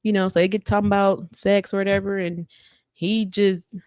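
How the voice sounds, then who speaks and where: Animated storytelling woman, dry close voice. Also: mid-range voice, normal speed, no echo. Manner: animated storytelling, acts out voices of people she quotes. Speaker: podcast co-host. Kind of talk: casual chat recapping a reality show.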